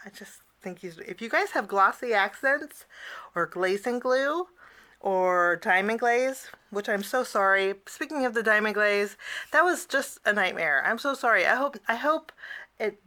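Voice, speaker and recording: Bright-voiced chatty woman teaching crafts. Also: mid-range voice, expressive, a little slow. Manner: chatty, apologetic asides, frequent fillers. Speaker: cardmaking teacher. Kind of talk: casual craft tutorial.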